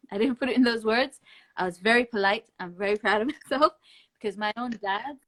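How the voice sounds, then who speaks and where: A woman's voice: fairly high pitch, brisk, a bit bright. A woman talking as a guest in a casual live-stream conversation, blunt and emphatic, swearing freely and laughing between points. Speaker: interview guest.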